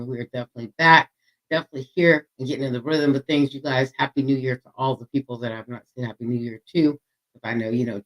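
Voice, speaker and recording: A man hosts a casual true crime commentary, chatting straight to his viewers. His voice is bright and sits in a middle pitch, and he talks in an animated, lively way. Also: low-quality recording. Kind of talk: casual commentary over a played interview.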